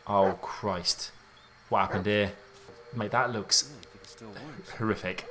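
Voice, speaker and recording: A man giving let's play commentary on a game, excitable and jumpy, thinking aloud in casual slang. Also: on the low side, takes it slowly. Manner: casual slangy talk, says mate and dude. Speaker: gaming YouTuber.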